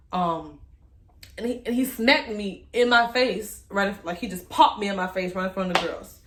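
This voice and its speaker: A young woman, emotionally recounting a personal story to the camera in a candid, halting way and speaking straight to her viewers. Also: on the high side. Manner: candid, halting, speaks to viewers as "y'all", voice rises when reliving moments. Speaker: vlogger telling her story.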